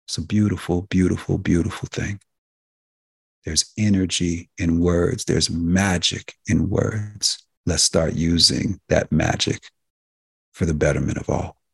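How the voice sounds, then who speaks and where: A man's voice: low voice, fairly even intonation, measured pace, gravelly, a bit bright, slightly rough, no echo, clean studio sound. A man hosting a health talk radio show, speaking in an emphatic, repetitive, preacher-like cadence and addressing listeners directly as folks and healers.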